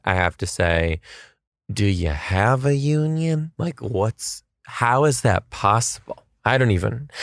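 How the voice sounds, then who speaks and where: Animated man hosting a comedy podcast. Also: fairly low pitch, dry recording, clean studio sound. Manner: animated, exclaiming, quick asides and repeated rhetorical questions. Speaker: podcast host and schoolteacher. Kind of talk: comedic solo podcast monologue.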